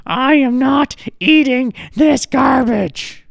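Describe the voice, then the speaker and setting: A man voicing a bossy, judgmental old grandmother who nags and swears in a high, squawking voice. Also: slow pace, gravelly, no room sound, studio quality, heavily acted. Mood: indignant.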